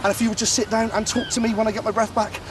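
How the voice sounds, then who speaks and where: A man's voice: high voice, level tone, rapid-fire, far from the mic, background noise. A man from England with a Bristol accent, a TV presenter pleading and joking while out of breath after a chase. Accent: Bristol English. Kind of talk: comic chase and chat.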